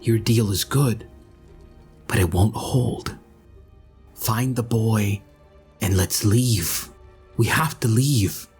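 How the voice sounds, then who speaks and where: A looming ancient archfey growls out his warnings in a low, unhurried voice, as a man puts him on. He sounds possessive and threatening. Faint music plays underneath. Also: a little mellow, slightly rough, full character voice. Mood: ominous. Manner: low, slow, menacing.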